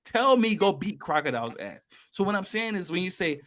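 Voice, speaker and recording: A man hosting a casual podcast, talking excitably and emphatically with plenty of cursing. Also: high voice, moderate pace, hardly any pauses. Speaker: podcast host.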